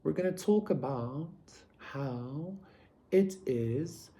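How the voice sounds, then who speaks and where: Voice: mid-range voice, lively intonation, normal speed, muffled recording. A tarot reader giving a casual pick-a-card reading, rambling with lots of "like" and tagging lines with "okay?", swearing freely.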